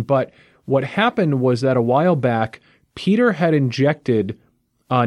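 A man's voice: medium pitch, darkish tone, dry recording. Chatty man recapping a comic, dry sound. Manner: rambling, with many fillers and restarts. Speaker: comic book podcast host. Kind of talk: casual chat recapping a comic.

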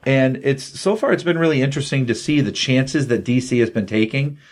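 On a casual comic review podcast, a male co-host with a medium-pitched voice briskly and energetically recaps a comic's plot. He acts out the dialogue as he goes, keeping things loose and chatty.

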